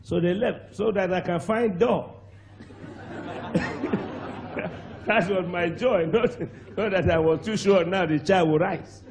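A man with a Nigerian accent preaching a sermon, telling a testimony with animated acted-out voices and sudden shouts. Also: high voice, normal speed, hardly any pauses, some chatter behind, slight background noise. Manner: animated storyteller, acts out voices, bursts into shouts and laughter.

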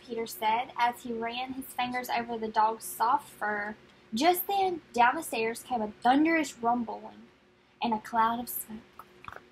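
High-voiced woman reading a picture book aloud. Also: slight background noise, rough recording. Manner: friendly, expressive storytelling. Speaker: read-aloud narrator.

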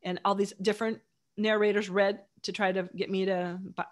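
A woman's voice: medium pitch, little pitch movement, fairly quick. A woman author as a guest, chatting casually and enthusiastically in long run-on sentences. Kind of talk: casual chat.

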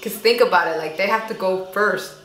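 A young woman giving casual reaction commentary, chatty and quick to exclaim and gasp. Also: mid-range voice. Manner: chatty, exclaims and gasps often. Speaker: YouTube reactor. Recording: echoey room with faint noise.

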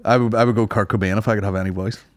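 A man's voice: fairly low pitch, fairly even intonation. A man co-hosting a comedy podcast, joking crudely and laughing a lot. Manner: crude, jokey, quick to laugh. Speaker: podcast co-host. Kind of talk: casual comedy chat.

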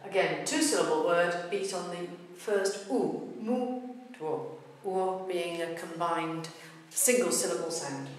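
Woman teacher, lowish voice, patient whiteboard explainer, recorded from a distance in a very echoey room. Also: fairly even intonation, unhurried. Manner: patient, explains step by step with spoken examples. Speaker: Spanish pronunciation teacher. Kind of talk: whiteboard lesson.

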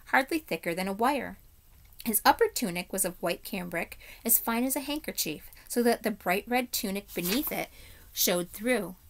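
A teacher reads a chapter book aloud to a young class. Her voice is bright and crisp at a middle pitch. Her storytelling is clear and steady.

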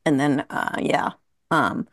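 A talkative woman in her fifties, a writer being interviewed, who tells long anecdotes full of fillers and restarts. Her voice sits a bit low. The sound is dry, with almost no room reflection. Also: takes it slowly, no room sound. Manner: chatty storyteller, laughs often, many fillers. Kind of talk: casual conversation.

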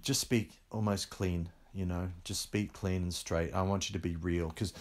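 A man's voice: sits low, fairly even intonation, normal speed. A man speaking as a film director in an interview, telling candid stories with frequent fillers. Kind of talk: conversational interview.

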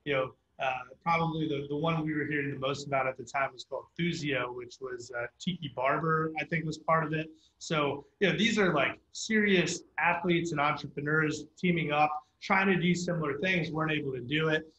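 A man telling a founding story in a casual interview, animated and full of filler words. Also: fairly high pitch, a little fast, few pauses, reverberant, highs cut off. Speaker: startup founder guest.

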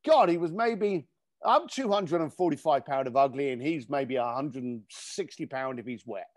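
A man telling an emphatic story as a podcast guest, animated and casually swearing. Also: mid-range voice, moderate pace, no echo, clean studio sound. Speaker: podcast guest, speaker and coach.

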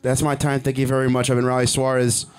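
A man doing stand-up in a comedy club, loose and playful with quick comebacks to the judges. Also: medium pitch, monotone, clear, resonant tone. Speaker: stand-up comic. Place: comedy club in New York.

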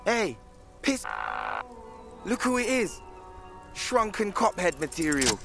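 A woman's voice: mid-range voice, sing-song, slow pace, music in the background. A woman voicing a nervous young male gang hopeful in a game, jittery and hissing. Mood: mocking. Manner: jittery, hissed, panicky.

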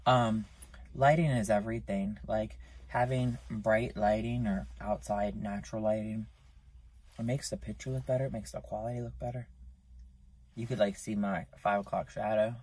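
A man's voice: normal speed, slightly rough. Chatty young man ranting in a vlog. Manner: chatty, self-mocking, animated pitch jumps. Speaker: vlogger. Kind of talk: casual vlog rant. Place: in a car outside a store. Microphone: phone camera.

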